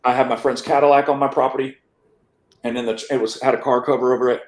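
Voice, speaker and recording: A man's voice: medium pitch, fast. Man telling a story in an echoey room. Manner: animated, acts out quotes, some stammered restarts. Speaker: interview guest. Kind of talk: casual storytelling.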